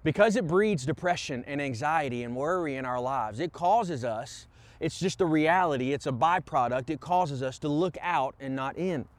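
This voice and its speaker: A man's voice: fairly high pitch, animated, normal speed, no room sound. A man preaching a sermon as pastor, impassioned and urging the congregation on. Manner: impassioned preaching, repeated "come on" calls to the congregation.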